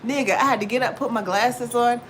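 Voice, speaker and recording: Profane, chatty woman over steady noise. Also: on the high side, a little fast. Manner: blunt, profane, chatty, laughs and exclaims often. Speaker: tarot reader livestream host. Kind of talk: casual spiritual talk to viewers.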